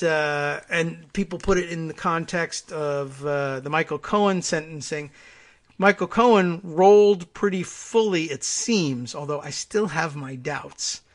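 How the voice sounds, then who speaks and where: A man's voice: on the high side, fairly bright tone. A man hosting a morning talk radio show, thinking aloud and reading out online posts in a casual, rambling way.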